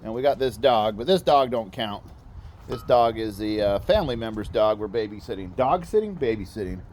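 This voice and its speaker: This man's lowish, slightly mellow voice moves at a moderate pace with fairly even intonation, over slight background noise. A father hosting a backyard mechanic channel, he jokes self-mockingly and chats while fixing a car outside in his garage area as the rain starts.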